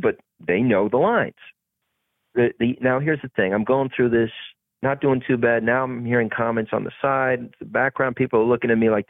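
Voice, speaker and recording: A man, an actor, telling a story in a casual interview, animated and acting out the voices of others. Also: medium pitch, a little fast, creaky, no echo. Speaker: actor guest. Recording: tinny phone-like podcast audio.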